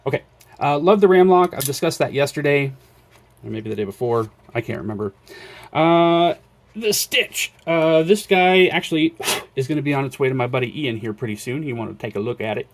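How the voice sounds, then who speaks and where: A man's voice: medium pitch, expressive, a little fast. A man casually showing off his collection in a vlog, rambling with many fillers and self-corrections. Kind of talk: casual show-and-tell vlog.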